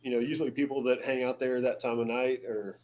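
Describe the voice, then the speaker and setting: Brief: male podcast guest, mid-pitched, relaxed storyteller who laughs between lines. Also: fast. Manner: chuckles often, leans on "you know". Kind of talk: casual storytelling.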